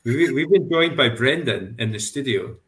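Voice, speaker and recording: A man's voice: mid-range voice, animated, moderate pace, fairly bright tone. Radio host guy, mid voice, trips over his words a lot. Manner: stumbling, repeats words. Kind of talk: casual radio chat.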